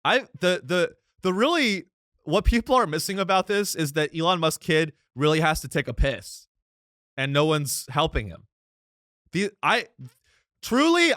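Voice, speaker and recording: A young man hosting a comedic podcast, commenting sarcastically on a clip and ranting in loud bursts. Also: fairly high pitch, very animated, a little slow, no room sound, clean studio sound. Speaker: podcast host.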